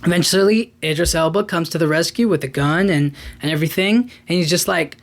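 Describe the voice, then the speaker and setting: A man's voice: fairly high pitch, fairly quick, few pauses. A man hosting a podcast, recapping a film in a casual, rambling way with lots of fillers and restarts. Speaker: podcast host.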